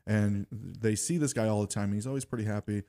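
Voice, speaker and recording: A man's voice: on the low side, a little fast, gravelly, mellow. A man on a church discussion panel, speaking eagerly and filling his sentences with "like". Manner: eager, filler-heavy with many "like"s. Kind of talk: casual faith discussion.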